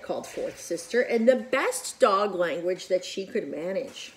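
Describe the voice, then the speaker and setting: A woman reading a picture book aloud to children in an expressive, animated way with whispered asides. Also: medium pitch, measured pace, hardly any pauses, slight background noise. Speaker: children's storyteller.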